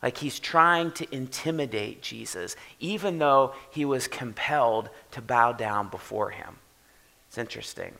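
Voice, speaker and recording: A man preaching a sermon in a conversational way, often checking in with "right?" and swinging from quiet to loud for emphasis. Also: medium pitch, a little slow, creaky. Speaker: pastor.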